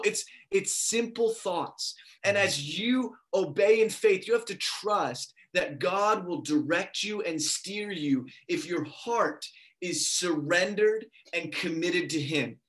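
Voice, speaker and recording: High-voiced young man preaching a story. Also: slow. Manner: animated, acts out quoted voices. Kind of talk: sermon storytelling.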